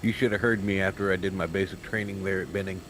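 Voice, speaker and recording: A man's voice: low-pitched, steady tone, quick pace, noisy background. An American man telling friendly anecdotes in casual gaming chat. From United States.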